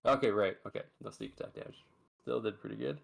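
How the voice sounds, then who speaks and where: A man running a tabletop game as its dungeon master, chatty and quick, with lots of fillers. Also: lowish voice, steady tone, gravelly.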